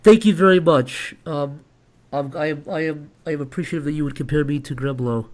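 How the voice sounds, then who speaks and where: A man's voice: fairly high pitch, brisk, background noise. Rambling, crude male streamer. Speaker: streamer and animator. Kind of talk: casual live-stream chat while drawing.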